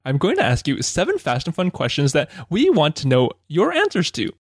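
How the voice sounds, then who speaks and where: A man hosting a podcast, cheerful and encouraging as he puts questions to his guest. His voice sits a little high and swings lively up and down. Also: brisk, husky. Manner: upbeat and encouraging. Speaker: podcast host.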